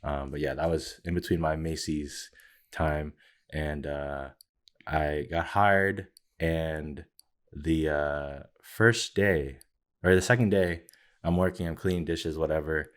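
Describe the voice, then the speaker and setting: A man's voice: a bass voice, takes it slowly. A young man in his twenties, a podcast co-host, telling a long story in casual chat, acting out quoted lines and filling his talk with "like". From Filipino heritage. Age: 20s. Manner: animated storyteller, acts out quotes with many fillers.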